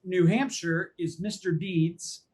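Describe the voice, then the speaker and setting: A man co-hosting a podcast in casual chat, briskly listing items in an easygoing way. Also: high voice, steady tone, a little mellow, husky. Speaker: podcast co-host.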